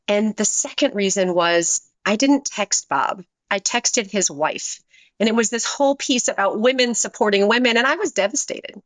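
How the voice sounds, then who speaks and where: Middle-aged woman as a podcast guest: earnest, lively storyteller, close and dry sound. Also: moderate pace, dry recording. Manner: earnest, shifts pitch to voice quoted people. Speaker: guest, business leader and author. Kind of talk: personal storytelling in a podcast interview.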